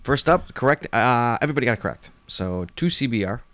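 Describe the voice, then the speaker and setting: A man's voice: medium pitch, animated, quick pace, a bit bright, no room sound. A man co-hosting a casual podcast, joking with his partner and reading listener contest entries aloud. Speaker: podcast co-host.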